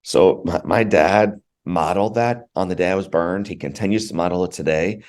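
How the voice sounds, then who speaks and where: Man, podcast guest with a very deep voice; earnest, heartfelt personal storyteller. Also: normal speed, darkish tone. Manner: earnest, heartfelt, repeats words for emphasis.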